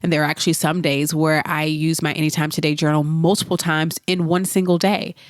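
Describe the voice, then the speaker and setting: A woman's voice: deep voice, level tone, brisk, no room sound, studio quality. A woman hosting a solo podcast, talking in an earnest, reflective, conversational way, a little congested. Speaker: podcast host.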